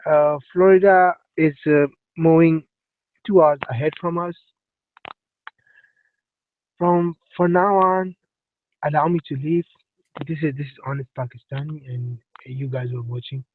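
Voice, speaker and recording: A man's voice: on the high side, fairly even intonation, unhurried, long pauses, a little hiss or hum. A man co-hosting a casual live-stream chat who stumbles and repeats his words while politely signing off. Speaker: show co-host. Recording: tinny phone-like line, dry.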